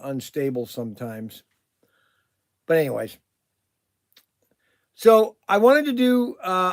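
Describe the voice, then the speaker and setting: Rambling animated man, dry close mic. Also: fairly high pitch, smooth, no room sound. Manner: rambling, animated, many restarts and fillers. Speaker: livestream host and shop owner. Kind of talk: casual livestream chat.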